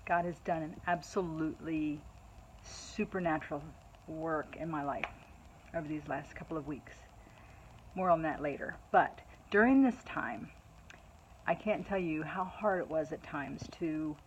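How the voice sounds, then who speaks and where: A middle-aged woman vlogging to her followers, telling a personal story in a chatty, animated way. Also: deep voice, a little slow, pauses often, highs cut off, a little hiss or hum. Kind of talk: casual personal storytelling to camera.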